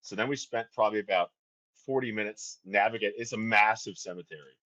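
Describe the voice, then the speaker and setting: A man's voice: fairly low pitch, a little fast, pushed and bright, dull audio. A man, a band's singer, telling a story in a casual chat, profane and laughing as he goes. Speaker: band vocalist and guest.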